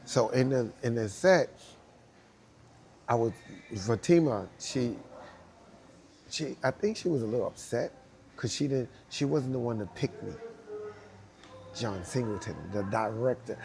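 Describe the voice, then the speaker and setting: A man's voice: mid-range voice, measured pace, creaky, long pauses, a little hiss or hum. Man telling a wild dance story. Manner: lively, laughing, profane anecdote telling with acted quotes. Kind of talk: animated storytelling.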